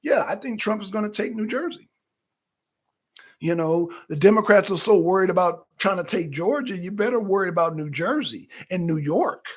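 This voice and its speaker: Animated high-voiced man, husky. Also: normal speed. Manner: animated, profane, chatting directly to viewers. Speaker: political talk show co-host. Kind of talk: casual livestream commentary.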